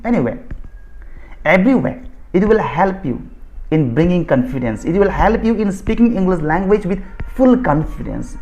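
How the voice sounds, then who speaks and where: A man's voice: fairly high pitch, darkish tone. A man from Assam with an Indian accent, a native Bodo speaker, teaching spoken English in a lecture. He talks in a repetitive, insistent way, often rewording phrases and restarting sentences. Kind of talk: explanatory lecture.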